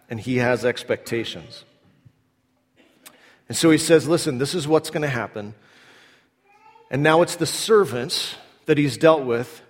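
A male pastor delivers a sermon in a casual, storytelling manner, slipping into quick acted-out asides as he explains. His voice sits a little high for a man. The sound carries a long reverb, as if the sermon was recorded in a large hall. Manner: animated, conversational preaching with acted-out asides.

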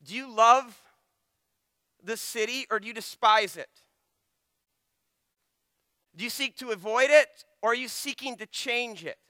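A man preaches a sermon in a high, bright, crisp voice. He takes his time and swings between loud, impassioned pleading and quiet, hushed asides. The sound is close and dry. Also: measured pace, long pauses, no room sound.

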